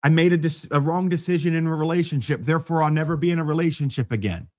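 Conversational pastor, fairly high male voice. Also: fast, a little mellow. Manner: conversational preaching with self-deprecating humor. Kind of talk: sermon.

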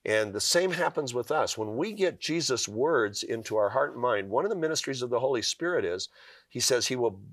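A man's voice: medium pitch, animated, brisk, dry recording, studio quality. A man giving a devotional talk, telling a story earnestly and quoting scripture. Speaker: Christian speaker.

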